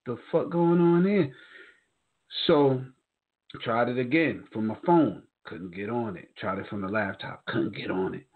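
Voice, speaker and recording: Husky-voiced New man over a phone line. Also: lowish voice, normal speed. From New York. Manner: animated, profane, acts out quoted voices. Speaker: podcast co-host. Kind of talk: casual storytelling chat.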